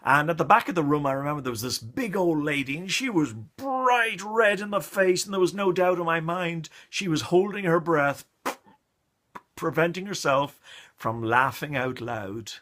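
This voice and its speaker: A middle-aged man spinning a motivational tale with theatrical flair. His voice sits fairly high and rings bright and forceful. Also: moderate pace. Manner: lively, theatrical storytelling with a moral. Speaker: storyteller, communication coach. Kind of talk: motivational story monologue.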